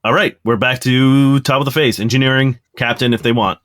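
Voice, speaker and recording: A man's voice: medium pitch, fairly even intonation, brisk, fairly bright tone, no room sound. A man narrating a tabletop game as game master, loose and profane, often laughing.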